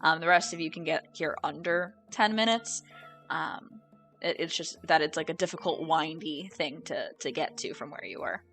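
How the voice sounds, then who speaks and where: A woman narrating as game master, describing scenes with frequent pauses and ums. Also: low-pitched, a bit bright, soft background music. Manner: hesitant, many ums while describing scenes. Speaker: dungeon master.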